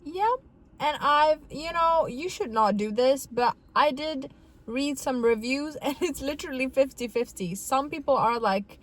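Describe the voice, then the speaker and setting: A woman's voice: high voice, unhurried. A young woman vlogging casually, telling a story in a rambling, giggly and emotional way with many fillers.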